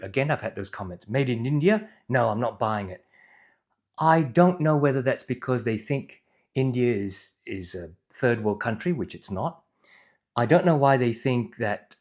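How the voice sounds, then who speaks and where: A man's voice: medium pitch, a little mellow. A man reviewing boots, giving blunt, opinionated advice in a casual video. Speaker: boot reviewer.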